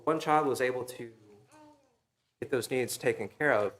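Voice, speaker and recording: A young man preaches in a relaxed, conversational way, leaning on fillers and quick check-ins with his listeners. His voice sits at an ordinary middle pitch. He delivers a church sermon. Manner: casual, storytelling, frequent fillers and "right?". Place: church sanctuary.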